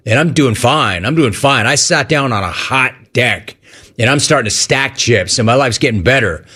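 A man's voice: mid-range voice, expressive, moderate pace, bright, forceful tone, husky. A man hosting sports talk radio, telling a rambling, jokey story and acting out the voices in it. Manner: rambling, jokey, acts out the voices in his stories.

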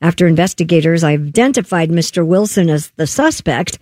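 A woman's voice: on the low side, expressive, fairly quick, a little mellow, no room sound, studio quality. A woman host reading odd news stories aloud on a talk show, cutting in with jokes and laughs. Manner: reads stories aloud, breaks off to joke and laugh. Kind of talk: reading offbeat news with banter.

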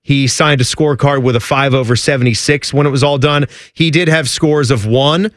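A man co-hosting a sports radio show, bantering and joking with quick asides. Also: medium pitch, fairly even intonation, no room sound, clean studio sound.

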